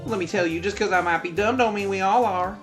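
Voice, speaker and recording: A man voicing a brash, loud country woman photographer with a put-on Southern US drawl. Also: high-pitched, quick pace, faint music behind, voice pushed up. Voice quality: twangy drawl.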